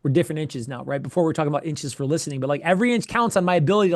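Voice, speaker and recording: A man with a high voice coaches a sales role-play in a casual, animated way. He swears freely and fires off short phrases over and over. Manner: animated, profane, quick bursts of repeated phrases. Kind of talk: coaching feedback in casual chat.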